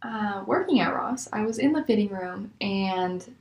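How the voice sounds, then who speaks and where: A young woman tells her stories casually in a mid-pitched voice, animated and exasperated. Her voice leaps high when something shocks her. The room around her is echoey. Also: unhurried, creaky. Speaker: vlogger. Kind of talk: casual storytelling.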